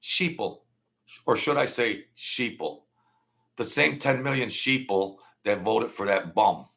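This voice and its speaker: Gravelly-voiced man ranting blunt and slangy. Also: fairly low pitch, lively intonation, slow pace, a bit bright. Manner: blunt, slangy, rambling, stutters. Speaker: livestream host. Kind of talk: casual livestream rant.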